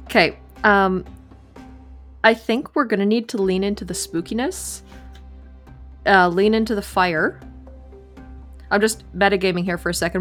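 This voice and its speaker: A woman playing a tabletop game, briskly planning aloud in casual chat. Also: medium pitch, a bit bright, faint music behind. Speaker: player.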